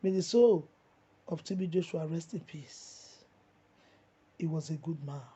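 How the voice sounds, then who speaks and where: A woman's voice: low-pitched, a little slow, warm tone, husky. A woman with a Nigerian accent delivering an impassioned, repetitive preaching monologue. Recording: muffled lo-fi recording.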